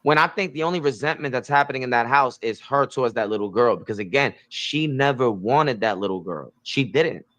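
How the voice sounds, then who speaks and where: A man's voice: medium pitch, animated, fairly quick, hardly any pauses, a bit bright. A young man hosting commentary, reacting to interview clips in a blunt, emphatic way and repeating his points. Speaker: commentary host.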